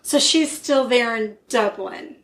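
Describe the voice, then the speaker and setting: A woman's voice: a little high, slow pace, low-quality recording. A middle-aged woman co-hosting a podcast in casual chat, mostly giving short agreeing replies and dry quips. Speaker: podcast co-host.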